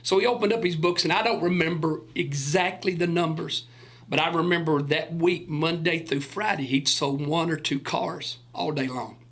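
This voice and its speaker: Gravelly older man telling a story. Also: a little high, normal speed, fairly bright tone. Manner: folksy, earnest storyteller acting out quoted voices. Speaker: gospel singer recalling touring days. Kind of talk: casual radio storytelling.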